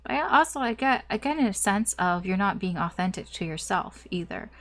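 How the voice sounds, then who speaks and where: A woman's voice: mid-range voice, lively intonation, brisk. Lady doing a tarot reading vlog, rambly, lots of um and you know, swears a bit. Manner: rambling, many fillers and restarts; swears casually. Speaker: tarot reader.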